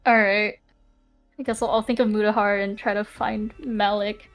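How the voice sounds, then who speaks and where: A woman's voice: medium pitch, flat delivery, normal speed. Woman playing tabletop game, hesitant, lots of uhs, faint music behind. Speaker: player. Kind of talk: casual tabletop play.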